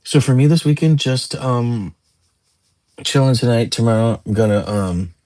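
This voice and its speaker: A man's voice: medium pitch, moderate pace, darkish tone. A young man hosting a casual livestream, chatting and answering viewer comments in a rambling way. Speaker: livestream host. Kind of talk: casual live chat reading comments.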